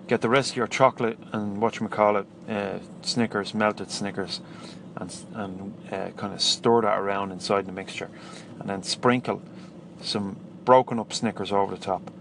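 A man's voice: on the low side, fairly even intonation, normal speed, gravelly, slight background noise. A man with an Irish accent hosting a podcast, talking casually and enthusiastically with plenty of restarts. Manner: chatty, rambling, enthusiastic, frequent restarts. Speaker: podcast host. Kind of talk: casual solo podcast talk.

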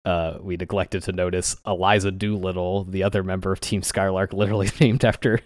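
Very deep voiced guy on a podcast, dry mic, joking around wryly. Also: flat delivery, a little fast, no room sound. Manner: wry, laughs between points. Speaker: podcast co-host. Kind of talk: casual chat.

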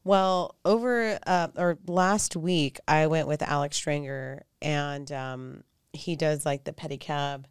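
A woman co-hosting a live news commentary show, talking in casual chat with animated, incredulous remarks. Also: low voice, slow pace, few pauses, smooth, dry recording, clean studio sound.

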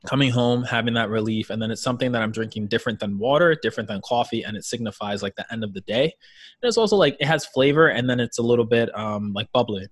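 A man's voice: mid-range voice, fast, dry recording, clean studio sound. A man in casual podcast chat, laid-back and filler-heavy, often trailing off.

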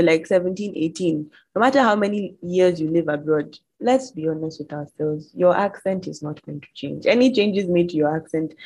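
A young woman from Nigeria with a Nigerian English accent, chatting to camera in an animated, exasperated way. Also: lowish voice, husky, poor audio. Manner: animated, exasperated storytelling with mocking quoted voices. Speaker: vlogger. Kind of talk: casual chat to camera.

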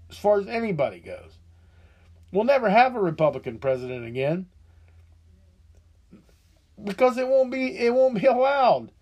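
A man's voice: sits high, a little mellow. Profane, frustrated man ranting. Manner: profane, frustrated, rambling with restarts. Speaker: podcast host. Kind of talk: angry political rant.

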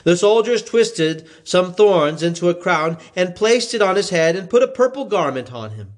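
A man reading scripture aloud in a slow, expressive way. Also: high voice. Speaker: scripture reader.

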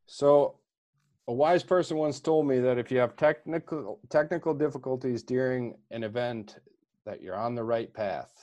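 A man hosts a casual online discussion. He talks in a halting way, stopping and restarting, and throws out questions as he goes. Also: medium pitch, warm tone, highs cut off.

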